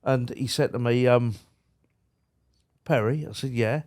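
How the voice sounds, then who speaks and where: A man's voice: medium pitch, flat delivery, moderate pace, a little mellow. A man, a guest on a podcast, chatting casually and telling stories with lots of restarts and repeated words. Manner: chatty, repeats words when starting, colloquial. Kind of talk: casual storytelling chat.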